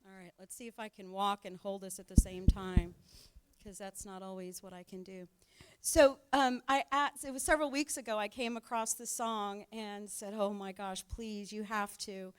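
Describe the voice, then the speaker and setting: A woman pastor preaches in a church, her voice smooth and resonant at a middle pitch. She speaks in a conversational, emotional way, leaning on the congregation and easing into slow, heartfelt scripture reading. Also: fairly even intonation. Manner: emotional, tearful, conversational, says y'all. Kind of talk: sermon. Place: church sanctuary.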